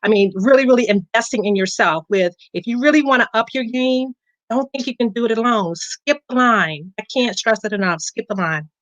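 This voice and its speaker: A woman guest chatting casually about her coaching experience, animated and laughing often, with frequent restarts. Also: on the high side, a little fast, no room sound, highs cut off. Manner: animated, laughing, repeats words. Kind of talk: casual testimonial chat.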